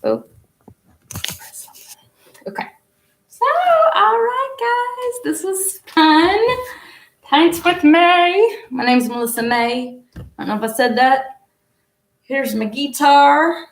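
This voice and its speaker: A young woman hosts a relaxed painting lesson over a laptop stream, rambling and talking half to herself as she works. Her voice sits a touch high with a gravelly fry. She speaks at an unhurried, slow pace. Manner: chatty, rambling, self-talking while painting. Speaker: painting class host. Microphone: laptop mic.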